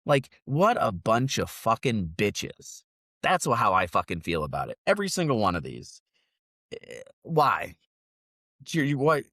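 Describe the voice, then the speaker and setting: A congested man rants hard on a podcast, swearing constantly and slipping into sneering sarcastic voices. His pitch leaps high and drops low as he goes. The sound is close and dry. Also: wildly swooping pitch, a little slow, fairly bright tone, no echo. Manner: profane, mocking, rants with sarcastic put-on voices. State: congested sinuses, sniffing. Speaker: podcast co-host. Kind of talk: profane political rant. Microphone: separate remote mic.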